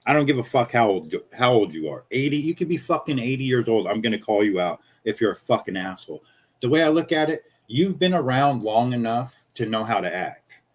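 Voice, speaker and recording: A man's voice: medium pitch, sing-song, fairly quick. A man in his fifties, a small-business chocolatier, ranting casually in a profane, rambling, indignant way. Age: 50s.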